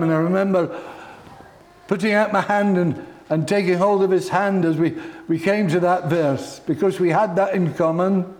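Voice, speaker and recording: A man's voice: high voice, fairly even intonation, normal speed, darkish tone. A man preaching a sermon, telling stories in an earnest, heartfelt way.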